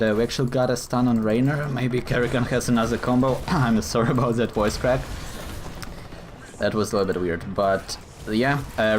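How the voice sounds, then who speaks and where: A man's voice: mid-range voice, a little hiss or hum. A man giving live commentary over his own gameplay, thinking aloud and explaining his choices in a hesitant, explanatory way.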